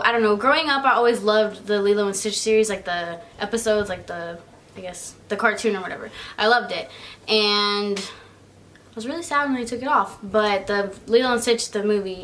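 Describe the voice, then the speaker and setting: A woman's voice: medium pitch, fairly bright tone. A young woman talks straight to her viewers in an easygoing vlog. She rambles in a chatty way, laughs easily and leans on fillers like "like" and "um". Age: young adult. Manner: chatty and giggly, with frequent "like" and "um". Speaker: vlogger. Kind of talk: casual chat.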